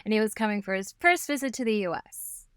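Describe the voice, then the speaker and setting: A woman's voice: mid-range voice, lively intonation, fast talker, clean tone, no room sound, clean studio sound. A woman co-hosting a casual history podcast, telling stories with playful asides and laughs. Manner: giggly storyteller, playful asides. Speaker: podcast co-host.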